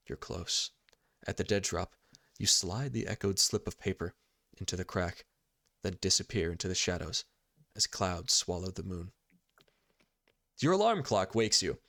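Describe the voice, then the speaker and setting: Reading tabletop narration and playing side characters, a game master speaks in a fairly low, pushed, bright voice. He's quick to laugh and keeps tripping over lines and correcting himself mid-read. It's studio quality, with no room sound.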